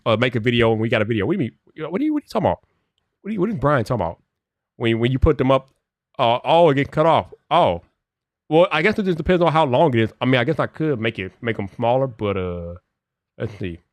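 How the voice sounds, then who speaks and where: A man hosts a casual live stream, greeting viewers individually by name while laughing a lot and muttering to himself as he tinkers with his software. His voice is medium in pitch, with no echo.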